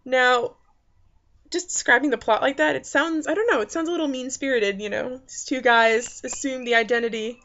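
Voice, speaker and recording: Chatty woman with a gravelly edge. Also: sits high, normal speed, fairly bright tone, highs cut off. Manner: rambling, many fillers and restarts. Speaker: movie reviewer. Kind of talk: casual spoken movie review. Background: faint background noises.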